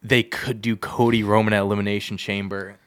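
A man co-hosting a podcast, talking through wrestling storylines in casual chat and getting heated as he goes. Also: brisk. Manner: animated, heated rants that climb in pitch. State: out of breath. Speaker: podcast co-host.

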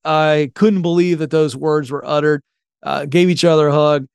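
A man's voice: fairly high pitch, fairly even intonation, moderate pace, gravelly, clear, resonant tone, dry recording, studio quality. A middle-aged man from Virginia, a guest author telling folksy, earnest stories in a podcast interview. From Virginia, Tidewater area.

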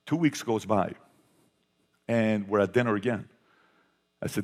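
A man giving a motivational talk to an audience, telling a family story with animated swings from loud to hushed. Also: fairly low pitch, fast. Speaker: speaker.

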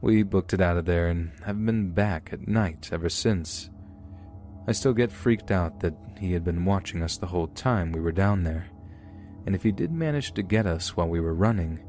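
Deep-voiced man narrating horror stories. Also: a little mellow. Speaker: podcast host reading listener stories. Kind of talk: scripted horror story narration.

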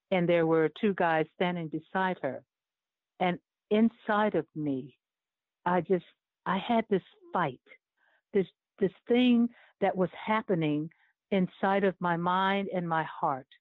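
A woman's voice: fairly low pitch, dry recording. Older woman telling a story over a tinny line. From United States. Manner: earnest, emotionally moved storytelling. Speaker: guest, Olympic chaplain. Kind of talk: personal storytelling in an interview. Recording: tinny phone-like line, dry.

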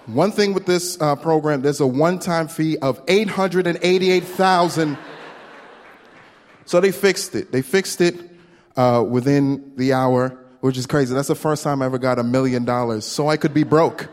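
A man doing a stand-up comedy set, telling a story with quick voice impressions into a handheld stage mic at a live venue. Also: fairly high pitch. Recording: long hall reverb, faint room noise.

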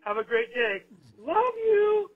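A man's voice: extremely high pitch, sing-song, slow pace. A man from California calling into a radio show, friendly and upbeat. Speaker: caller. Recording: tinny phone line.

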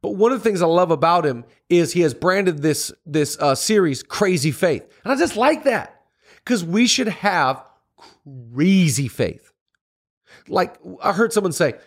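A man's voice: on the high side, moderate pace, few pauses. Middle-aged man, pastor, upbeat motivational leadership talk, emphatic repetition, slightly raised voice. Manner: energetic preaching delivery with emphatic repetition. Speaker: pastor and podcast host.

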